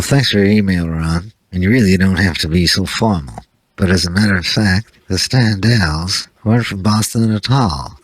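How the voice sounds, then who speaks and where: A man's voice: deep voice, breathy edge, dry recording. A man hosting a radio music show, introducing records in a laconic, dry-witted scripted patter.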